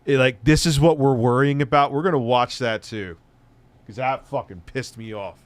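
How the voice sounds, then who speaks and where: A man's voice: mid-range voice, normal speed, no echo. A man hosting a casual reaction stream, profane and mocking. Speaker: host.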